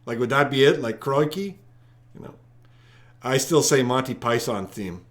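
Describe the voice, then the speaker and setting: A man with a medium-pitched, slightly bright voice speaks at a moderate pace as host of a live-streamed trivia night, keeping things chatty and addressing viewers directly.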